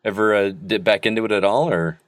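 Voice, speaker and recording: Fast-talking, lowish male host. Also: steady tone, clean tone, no room sound, clean studio sound. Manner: quick, eager questions. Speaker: podcast host. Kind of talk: casual podcast interview.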